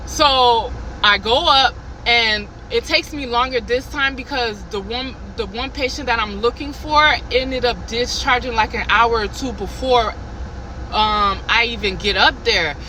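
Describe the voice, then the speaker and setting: A woman vlogging from a car, retelling a work story in an animated, heated way with many restarts. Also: a little high, a little slow, a little hiss or hum, low-quality recording. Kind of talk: casual storytime.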